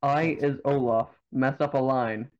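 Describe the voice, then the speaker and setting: A man on a group video call, chatting in a laid-back way with deadpan jokes. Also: medium pitch, a little slow, highs cut off. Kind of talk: casual chat on a group call.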